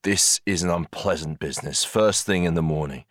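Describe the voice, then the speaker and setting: Narrator doing a practical conductor, clipped and urgent, low voice. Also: male voice, moderate pace, no echo, studio quality. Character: male train conductor, steady and practical.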